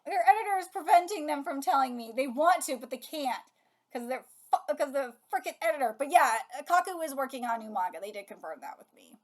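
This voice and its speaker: A woman hosting a live manga reaction, excitable and gushing, with frequent swearing. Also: sits high, brisk. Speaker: channel host.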